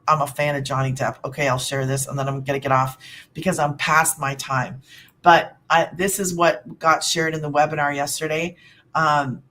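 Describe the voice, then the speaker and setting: A woman's voice: on the low side, a bit bright. A middle-aged woman coaching viewers on side hustles in a rambling, upbeat webinar chat. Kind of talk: casual webinar talk.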